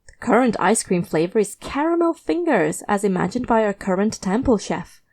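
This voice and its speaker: A woman's voice: mid-range voice, expressive, moderate pace, a little mellow. A woman reading a story aloud and voicing a nasal, gleeful, fawning man in a roach mask. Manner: gleeful, fawning, lip-smacking. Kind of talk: audio drama reading.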